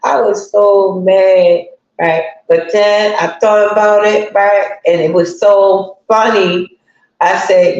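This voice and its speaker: A woman's voice: medium pitch, steady tone, takes it slowly, darkish tone. A woman hosting a live stream, telling a story in a chatty, colloquial way and greeting viewers as she goes. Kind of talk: casual storytelling to live chat. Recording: very echoey room, dull lo-fi sound.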